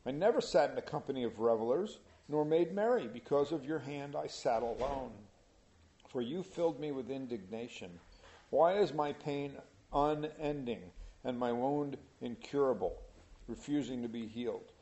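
Speaking at a normal pace in a mellow, mid-pitched voice, a man guides a small group through a relaxed Bible study. He reads passages of scripture and then unpacks them in plain, conversational terms.

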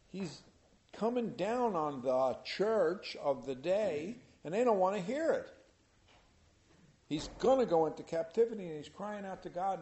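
A man leads an informal Bible study for a small group, reading scripture passages aloud and then retelling them in plain, conversational language. His voice sits a little high for a man yet has a warm, mellow tone. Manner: reads scripture then paraphrases it in casual everyday speech. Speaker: Bible teacher.

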